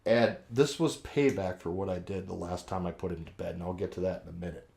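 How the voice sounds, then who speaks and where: Speaking a little fast in a low voice with vocal fry, a man who co-hosts the podcast regularly and has kids rambles through a story full of swearing. In a casual chat he livens it up by acting out people's lines.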